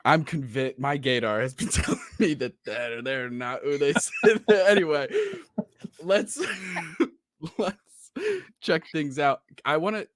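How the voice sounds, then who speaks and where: A man's voice: on the high side, slow, a bit bright, no room sound, studio quality. A man playing a superhero in a tabletop game, joking and laughing often, filling sentences with "like". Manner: jokey, laughs often, lots of "like". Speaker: player. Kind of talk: casual tabletop role-play.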